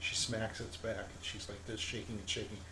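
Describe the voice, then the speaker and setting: A man's voice: lowish voice, flat delivery, brisk, background noise. A man narrating as game master, telling the scene in a loose, rambling way with many fillers.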